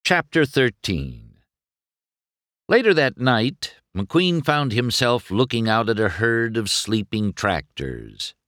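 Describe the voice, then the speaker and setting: A man reading a children's storybook aloud as narrator, slow and expressive. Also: mid-range voice, dry recording, studio quality. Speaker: audiobook narrator. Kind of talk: scripted narration.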